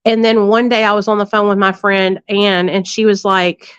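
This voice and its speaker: Her voice is medium in pitch, clear and resonant, delivered flatly at a moderate pace. As a livestream host, she tells her audience a story with blunt profanity and frequent tag questions. The dry recording sounds dull and lo-fi.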